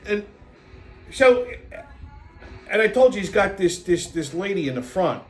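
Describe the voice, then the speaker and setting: A man's voice: sits high, very animated, measured pace, soft background music. A man from Brooklyn with a New York accent, rambling bluntly through a casual, profane monologue as the channel's host. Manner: rambling, blunt, heavy swearing, lots of fillers.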